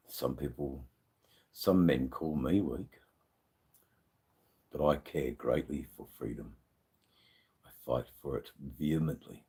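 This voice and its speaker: A man's voice: very deep voice, takes it slowly, long pauses, dark tone, breathy edge. A man with an Australian accent hosting a casual live stream, a bit tipsy, rambling and swearing as he answers viewers' comments. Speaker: livestream host.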